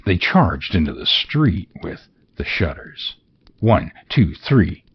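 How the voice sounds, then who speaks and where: A man reading a classic story aloud as narrator, in an expressive, theatrical manner. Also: deep voice, slow, slightly rough, dull audio. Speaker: audiobook narrator. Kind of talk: scripted narration.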